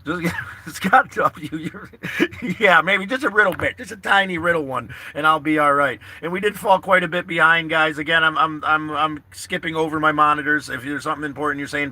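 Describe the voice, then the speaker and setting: Rambling, bright-voiced man livestreaming from his car. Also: on the high side. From New York State. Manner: rambling, earnest, repeats himself, swears freely. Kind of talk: casual livestream chat to viewers. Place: parked car.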